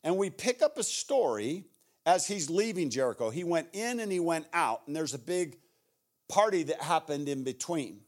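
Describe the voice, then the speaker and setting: An American man preaching a sermon as a guest pastor, his voice swinging widely in lively rises and falls. He sits a little high for a man and moves from shouted retellings to hushed prayer. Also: normal speed.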